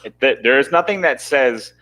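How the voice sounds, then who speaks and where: A man's voice: mid-range voice, lively intonation, moderate pace, bright, forceful tone. A man joining a casual podcast chat as a guest, giving brief, easygoing replies.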